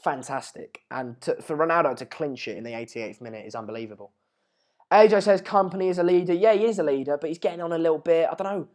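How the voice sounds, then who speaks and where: A young man, hosting a casual live match watch-along, reading out viewer comments in a chatty, rambling way and sounding slightly hoarse. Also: a little high, fast, darkish tone. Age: late teens. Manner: chatty, rambling, restarts mid-sentence, calls viewers mate and pal. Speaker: live stream host.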